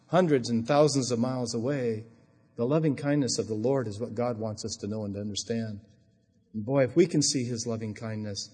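A middle-aged man preaching a sermon, telling stories and swinging from quiet asides to loud, high emphasis. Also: slightly rough. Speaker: pastor. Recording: long hall reverb.

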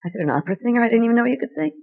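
A woman's voice: fairly high pitch, big pitch swings, rapid-fire, gravelly. An older woman telling a personal story to an audience, earnestly acting out the quoted dialogue. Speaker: speaker. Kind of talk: storytelling talk. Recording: narrow tinny phone-like sound.

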